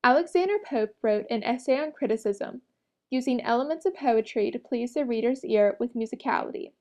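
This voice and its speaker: A woman's voice: a little high, fairly quick, a little mellow. Woman narrating a prepared lesson. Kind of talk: scripted educational narration.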